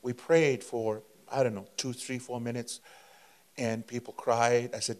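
A man preaching as a guest, telling a testimony in a fervent, halting way, with many fillers and repeated words. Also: medium pitch, flat delivery. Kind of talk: testimony storytelling.

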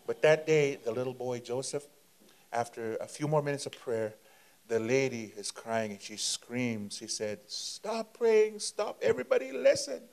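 A man preaching as a guest, telling a testimony in a fervent, halting way, with many fillers and repeated words. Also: medium pitch, steady tone, clear, resonant tone. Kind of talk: testimony storytelling.

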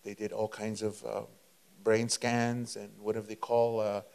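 A man preaching as a guest, telling a testimony in a fervent, halting way, with many fillers and repeated words. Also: on the low side, flat delivery, vocal fry, darkish tone, clear, resonant tone. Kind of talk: testimony storytelling.

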